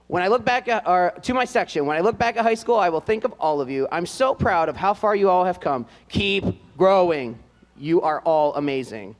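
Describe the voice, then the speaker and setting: A man's voice: sits high, lively intonation, normal speed. A man announcing seniors at a live school band event, reading their notes aloud with fillers and light joking asides. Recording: long hall reverb.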